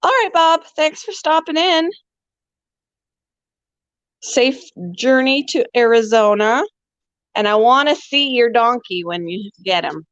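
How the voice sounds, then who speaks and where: Slow, easygoing woman touring her pets. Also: fairly high pitch, expressive, fairly bright tone, smooth, no echo. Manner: chatty, laughs often, slow and easygoing. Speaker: pet channel host. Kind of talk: casual pet tour vlog. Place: indoors at home among animal cages. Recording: dull lo-fi, dry sound.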